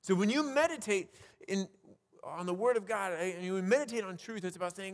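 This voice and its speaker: A man's voice: high voice, fairly quick, big-room sound. A man preaching a sermon as a pastor, talking conversationally with restarts and rhetorical questions.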